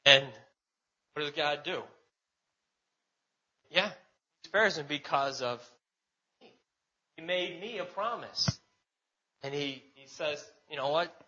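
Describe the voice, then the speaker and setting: A man's voice: on the high side, animated, slow pace, long pauses, pushed and bright, lo-fi sound. A man preaching in a loose, conversational way, restarting his sentences and often adding fillers. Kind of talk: casual sermon.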